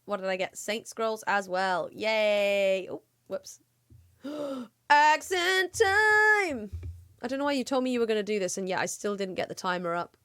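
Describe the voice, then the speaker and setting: A woman's voice: medium pitch, fairly quick, few pauses, smooth. A young adult woman chatting upbeat and casually to her viewers while streaming a game. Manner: chatty and upbeat, talking to chat. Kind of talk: casual live-stream chat.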